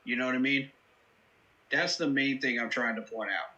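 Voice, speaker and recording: A man with a very bright, sharp-edged voice hosts a live football reaction. He breaks down plays and clock management earnestly, leaning on "you know" as he talks. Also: medium pitch, moderate pace, lo-fi sound. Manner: earnest, analytical, many "you know" fillers. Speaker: host.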